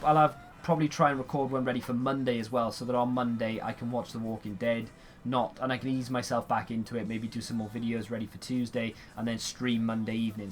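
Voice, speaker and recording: A young man chatting casually while he plays a game and answers viewer questions, rambling and sarcastic, often yawning. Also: medium pitch. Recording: faint background noise.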